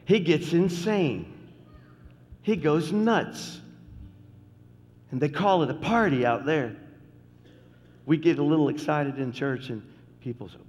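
A man's voice: mid-range voice, a little mellow, in a large hall, a little hiss or hum. A middle-aged man preaching a sermon as pastor, folksy and joking, repeating phrases for emphasis.

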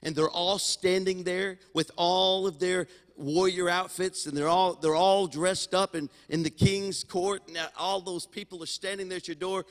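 Man, pastor, sermon, animated storytelling, slightly high voice, reverberant sanctuary. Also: moderate pace, hardly any pauses. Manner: animated storytelling, swinging loud to quiet. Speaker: senior pastor. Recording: long hall reverb in a sanctuary.

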